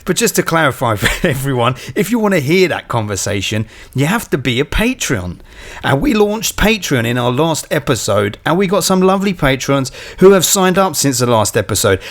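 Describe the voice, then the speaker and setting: A man co-hosts a casual film podcast, talking in an emphatic, jokey way and swearing freely. His voice sits at an average pitch for a man, in relaxed banter with his friends. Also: normal speed. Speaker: podcast co-host.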